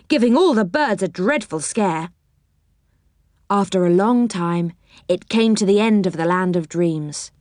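A woman reads a children's story aloud, taking her time over each phrase. Her voice rises and falls in a very lively way. The recording is close and dry. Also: mid-range voice, dry recording. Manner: expressive, unhurried storybook reading.

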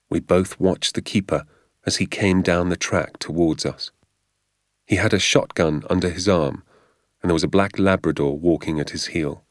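A man reads a storybook aloud in a measured, even manner, voicing each character's lines himself. His voice is deep and sits close to the mic in a dry, deadened recording. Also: no echo. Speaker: narrator. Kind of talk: storybook audiobook reading.

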